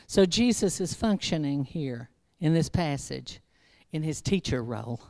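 A woman's voice: deep voice, animated, unhurried, hardly any pauses, darkish tone, dry recording. A woman preacher giving a conversational sermon, chatty and humorous, with wry asides to the congregation.

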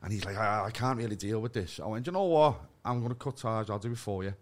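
Fast-talking blunt man. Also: lowish voice. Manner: blunt and sweary, acting out both sides of phone rows. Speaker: podcast guest. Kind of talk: casual storytelling chat.

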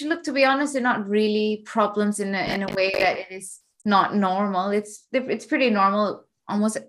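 A woman interviewing, summing up ideas in a measured, somewhat hesitant way. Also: medium pitch, a bit bright. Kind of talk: interview conversation.

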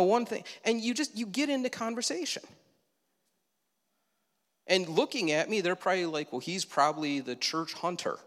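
A man's voice: sits high, fairly bright tone, long reverb tail. A man preaching a sermon from the pulpit in a conversational way, asking his listeners questions and adding asides. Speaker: pastor. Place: church sanctuary.

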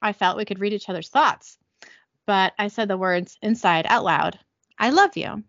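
A woman's voice: mid-range voice, lively intonation, moderate pace, vocal fry, fairly bright tone, dry recording, highs cut off. A woman voicing a lovelorn young woman who speaks in an earnest, reflective way. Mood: wistful.

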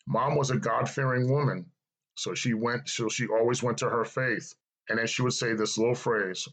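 A man's voice: mid-range voice, moderate pace, a bit bright, breathy edge, poor audio. A middle-aged man giving an earnest, reflective personal testimony and repeating phrases for emphasis. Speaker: speaker sharing his life story.

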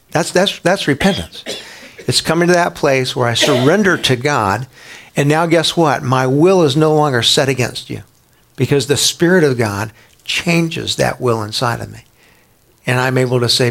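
Gravelly-voiced male preacher. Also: a little high, fairly bright tone. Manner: conversational preaching with rhetorical questions. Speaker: pastor. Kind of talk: sermon.

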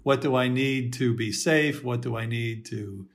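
A man on a video call, talking gently and thoughtfully, with soft laughs and short acted-out inner voices. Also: medium pitch, unhurried. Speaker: host and self-compassion teacher.

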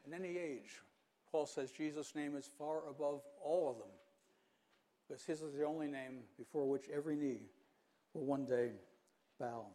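Older male preacher, measured and earnest, warm mellow tone, slightly raised pitch. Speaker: pastor. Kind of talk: sermon.

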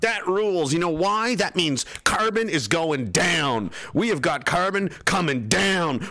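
Male host, sarcastic profane ranter, lively swooping delivery, dry close mic. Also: high-pitched, unhurried, few pauses, dry recording. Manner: mocking, profane, exaggerated sarcasm. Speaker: political livestream host. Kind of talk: sarcastic commentary reading viewer comments.

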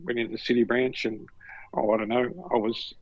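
A man's voice: mid-range voice, fairly quick, no echo. A man in his fifties with an Australian accent, telling stories in a casual chat and acting out the voices. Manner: animated anecdotes, acting out voices. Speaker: podcast co-host, former paramedic. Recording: dull lo-fi dry sound.

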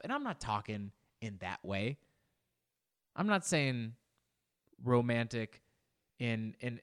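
A man hosting a casual solo podcast from his home office, chatty and playful, with jokey asides, his voice a bit congested. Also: mid-range voice. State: slightly congested. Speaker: podcast host.

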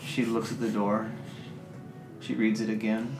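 A man narrating a tabletop game as game master, spinning relaxed, descriptive scenes at a middle pitch. The room rings with echo, and faint music plays underneath. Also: unhurried.

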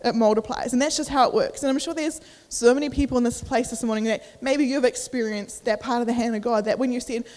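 A woman's voice: a little high, steady tone, quick pace, few pauses, darkish tone. A young woman giving a casual sermon at church, chatty with many fillers, acting out inner voices, a little out of breath. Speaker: youth preacher. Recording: echoey church hall.

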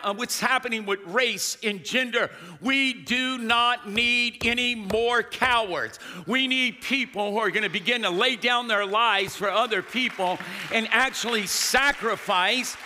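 A man preaching a sermon as pastor, calling to the congregation and rising to shouts. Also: extremely high pitch, a little slow. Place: large church hall. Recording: long hall reverb.

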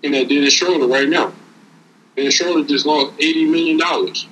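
A man's voice: a little high, fairly even intonation, fairly quick, fairly bright tone, a little hiss or hum, rough recording. A man giving casual, streetwise motivational talk as a podcast co-host, preaching and repeating words as he builds each point.

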